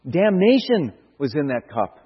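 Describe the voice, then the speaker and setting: A middle-aged pastor preaches an earnest, searching sermon, with stammered restarts and rhetorical questions that build to emphatic bursts. His voice is husky, on the high side and unhurried, with big pitch swings, in dull lo-fi sound with hall reverb.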